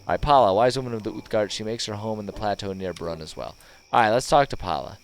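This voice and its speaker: A man's voice: fairly low pitch, animated, fast. A man streaming a video game, commenting casually with sarcastic jokes at the characters. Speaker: gaming streamer.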